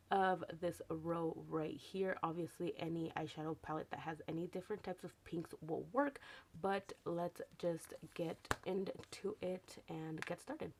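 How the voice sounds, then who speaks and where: A young woman with a raspy morning voice, chatting casually through a makeup tutorial and correcting herself as she goes. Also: on the low side. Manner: chatty, rambling, self-correcting. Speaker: beauty vlogger.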